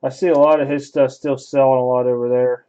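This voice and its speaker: A man's voice: medium pitch, little pitch movement, fairly quick, dark tone, smooth, dull audio. A man hosting a card break, giving offhand running commentary and thinking aloud as he opens packs. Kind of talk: casual card-opening commentary.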